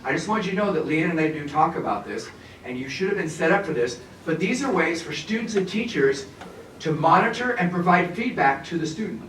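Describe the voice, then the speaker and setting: A man with a somewhat high voice presents a teacher workshop with lively humor, speaking to a room full of people. He sounds a bit far from the mic, and the room gives his words a strong echo. A faint hiss sits underneath. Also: fairly quick. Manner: animated, humorous, addresses the audience. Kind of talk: professional development workshop talk. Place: conference room with an audience.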